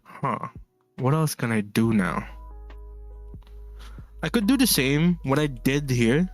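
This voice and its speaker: A man from the Philippines chatting easily as he draws on stream, loose and rambling with frequent laughs. His voice sits in a middle pitch, and faint music plays under him. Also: takes it slowly. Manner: relaxed, rambling, laughs often, reads chat aloud. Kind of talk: casual chat while drawing.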